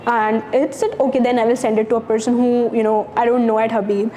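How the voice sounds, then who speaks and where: A woman's voice: fairly high pitch, little pitch movement, fast talker, mellow, a little hiss or hum. A young woman from Pakistan, speaking earnestly and candidly as a university student in a documentary interview.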